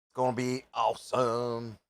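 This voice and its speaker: A man hosting a live reaction stream, chatting casually and thinking out loud with offhand, rambling asides. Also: mid-range voice, monotone, normal speed, clear, resonant tone, no room sound. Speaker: live reaction show host.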